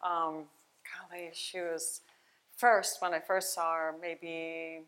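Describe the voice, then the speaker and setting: Woman play therapist doing a chatty conference keynote, bright voice, animated storytelling. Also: sits low, slow pace. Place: conference hall.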